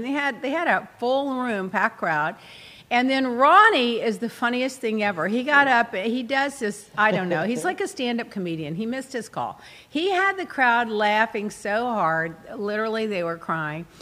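A woman hosting a talk show, telling a long, rambling personal story in casual chat and acting out her own asides. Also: a little high. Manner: animated, rambling, quotes herself in asides. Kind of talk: chatty storytelling monologue.

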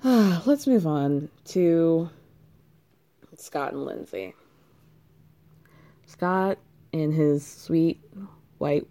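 A woman with a low, mellow voice recapping reality TV in casual chat. She is sarcastic and swears freely, with lots of "like" fillers. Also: vocal fry. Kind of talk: casual commentary.

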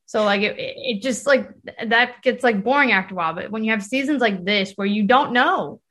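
A woman co-hosting a casual sports podcast, talking quickly and acting out what other people say. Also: a little high. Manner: lively, quick, acts out other people's remarks. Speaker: podcast co-host.

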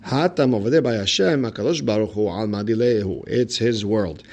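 A man with teaches a Talmud page, moving briskly between the Aramaic text and his own plain explanation. His voice sits low with a gravelly, fry-edged texture, and he fills gaps with frequent "uh"s. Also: darkish tone. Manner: quick explanatory, translating Aramaic into English, many fillers. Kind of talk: daily page study lesson.

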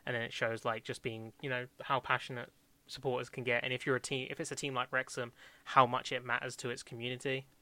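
A man's voice: medium pitch, level tone, fast talker, pushed and bright, no echo. A young man chatting casually about TV shows as a podcast co-host, rambling with lots of fillers, restarts and laughs. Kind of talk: casual chat reviewing TV shows.

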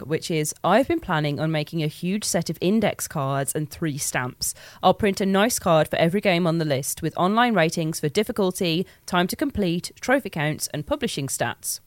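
A woman's voice: on the low side, dry recording. Giggly woman with a Midlands accent. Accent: Midlands English. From English Midlands. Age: young adult. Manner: giggly, quick and playful, reads comments aloud. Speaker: podcast host. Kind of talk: casual podcast chat.

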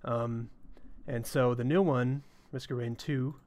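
Male podcast co-host, mid-pitch plain voice, halting explainer. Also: fairly even intonation, darkish tone. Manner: explains with hesitant fillers. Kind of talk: casual gaming chat.

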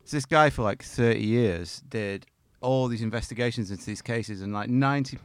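A man on a podcast telling stories in animated, sweary casual banter. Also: normal speed, clear, resonant tone, dry recording. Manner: animated storyteller, sweary, pitch jumps when excited.

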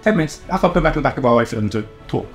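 A man's voice: medium pitch, lively intonation, very fast, soft background music. A man playing in a tabletop game, chatting casually in an eager, jokey way. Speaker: player.

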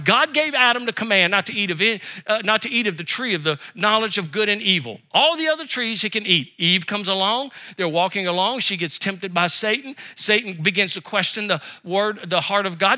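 Animated, bright-voiced male preacher. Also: high voice. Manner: earnest preaching, voice rising and dropping for emphasis. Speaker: pastor. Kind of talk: sermon.

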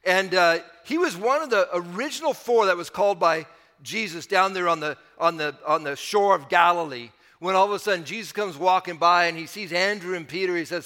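A man preaching a sermon as pastor, conversational, pushing up on key points and dropping low to close thoughts. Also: brisk, pushed and bright, big-room sound.

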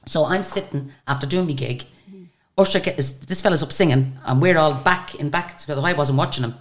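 On a radio interview, an older female singer with a low voice tells anecdotes fairly quickly. She's chatty and lively, voicing the dialogue as she retells each story.

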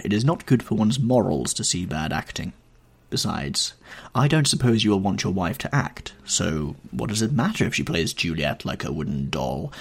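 A cynical, urbane gentleman drawls his lines in a lowered, ironic voice, as a male reader puts him on. His tone is husky. The pitch still wanders freely through his remarks. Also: full character voice.

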